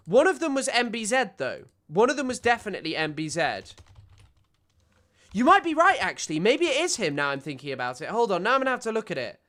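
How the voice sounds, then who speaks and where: A man streaming casual reaction commentary. He has a bright, clear voice pitched fairly high, and his manner is sardonic and quick to react. He is close on a desk mic. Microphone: desk microphone.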